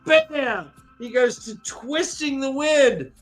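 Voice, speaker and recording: A man retells a story for his podcast co-hosts in an unhurried, slightly high voice. He slips into quick, gruff character asides with plenty of swearing and jokes. Faint music plays underneath. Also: expressive, fairly bright tone. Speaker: podcast co-host recapping a book. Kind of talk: casual chat, retelling a story.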